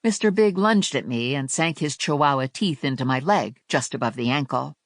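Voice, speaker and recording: Woman narrator, crime audiobook, lively pitch, dry close mic. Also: moderate pace, no echo. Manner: wry, expressive storytelling. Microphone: close studio mic.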